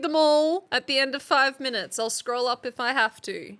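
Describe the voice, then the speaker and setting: A young woman streaming live, hosting a playful mock class in a casual chatty way, laughing often and exclaiming with excitement. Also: high-pitched, normal speed.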